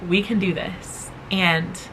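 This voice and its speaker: Bright-voiced encouraging woman podcaster. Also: lowish voice, steady tone, takes it slowly, a little hiss or hum, poor audio. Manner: encouraging and emphatic, repeats phrases for stress. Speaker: podcast host. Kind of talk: casual motivational podcast talk.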